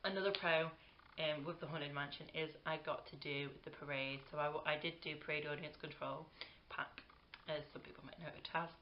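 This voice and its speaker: A woman's voice: low-pitched, steady tone, fairly quick, hardly any pauses, muffled recording, slight background noise. A British woman in her twenties chatting casually to camera, rambling with lots of "um" and "like" and laughing easily. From Britain. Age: 20s. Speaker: vlogger.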